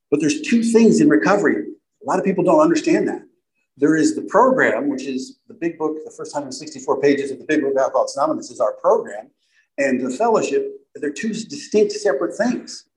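Older American man, folksy storyteller, plain mid-pitched voice, trips over his restarts. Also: poor audio. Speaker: speaker sharing his recovery story. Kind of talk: recovery talk with personal story.

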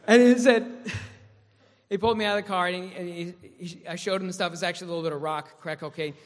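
A man's voice: high-pitched, fairly even intonation, rapid-fire, a bit bright. Candid man telling his story in an echoey hall. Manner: candid, self-mocking storytelling. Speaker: speaker sharing his recovery story. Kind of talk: personal recovery testimony to a meeting.

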